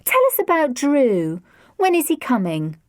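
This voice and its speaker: A woman's voice: high voice, big pitch swings, unhurried, no echo, clean studio sound, voice pushed up. Woman doing an outspoken teenage girl. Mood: forthright. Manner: forthright, outspoken. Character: sharp-tongued teenage girl of seventeen.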